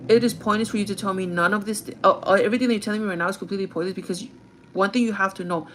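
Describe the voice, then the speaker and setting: A woman's voice: mid-range voice, steady tone, rapid-fire, a little hiss or hum. A woman chatting casually on a get-ready-with-me livestream, venting and swearing freely, slipping between English and Spanish. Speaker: vlogger.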